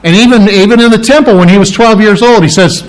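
Male pastor, slightly raised pitch, relaxed teaching sermon with questions to the room. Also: fast. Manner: conversational teaching with questions to the congregation; restarts and repeats words while thinking aloud.

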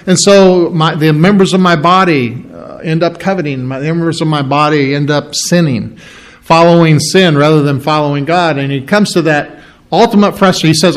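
A man delivers a sermon with an earnest, teaching manner, often circling back and restarting phrases as he explains. His voice sits a little higher than most men's. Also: moderate pace. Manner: earnest, repeats and restarts words while explaining scripture. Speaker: pastor.

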